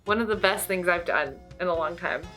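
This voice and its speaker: A young woman vlogging as she follows a painting tutorial, chatty, playful and excitable. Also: fairly low pitch, a little fast, soft background music. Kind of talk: casual reaction commentary.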